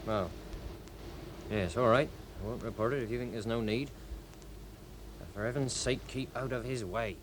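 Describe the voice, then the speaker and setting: An actor playing a cautious third officer in a radio drama, speaking quietly. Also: male voice, mid-range voice, moderate pace, long pauses, background noise, close to an everyday voice. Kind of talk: 1970s radio drama acting.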